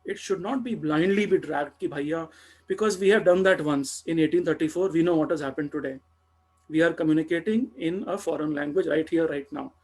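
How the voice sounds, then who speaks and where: A young man with an Indian accent speaks on a video-call webinar panel, his voice slightly high and husky. He talks with animated emphasis, repeating key words and mixing Hindi into his English. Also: a little fast.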